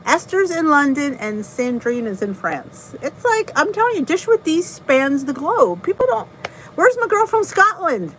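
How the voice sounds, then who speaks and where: A woman's voice: sits high, big pitch swings, measured pace, a bit bright, slight background noise, rough recording. A middle-aged woman with a New Jersey accent, hosting a casual live stream, chatting, greeting viewers and laughing at herself. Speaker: channel host reading live chat.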